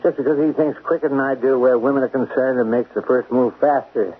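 Actor as a drunk, rambling obsessive in a vintage radio play; husky voice, thin lo-fi broadcast sound. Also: male voice, mid-range voice, steady tone, fairly quick, lightly acted. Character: drunk, obsessive man, talent manager type. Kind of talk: 1970s radio drama acting.

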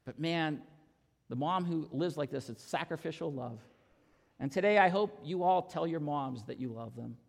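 A man's voice: a little high, normal speed, gravelly. A male pastor preaching an earnest sermon and telling stories to his congregation in a church. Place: church sanctuary. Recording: long reverb in church hall.

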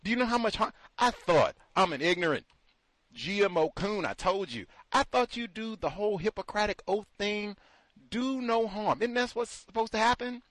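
Sarcastic male host with a lively voice. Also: high-pitched, moderate pace, dry recording. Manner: sarcastic, incredulous, rhetorical questions. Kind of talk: talk show commentary.

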